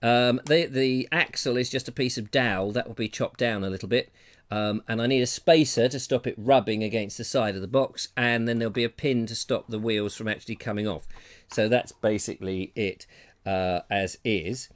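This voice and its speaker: An English man hosting a live comedy talk show from home, chatty and jokey, often addressing viewers as ladies and gentlemen. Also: mid-range voice, moderate pace. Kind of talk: casual live-stream chat. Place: terraced house.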